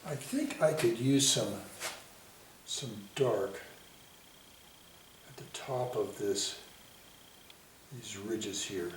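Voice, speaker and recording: A man giving a painting lesson, talking himself through each stroke in an unhurried, self-commenting way. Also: on the low side. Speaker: painting instructor. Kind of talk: painting demonstration. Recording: echoey room, mic at a distance, faint hiss.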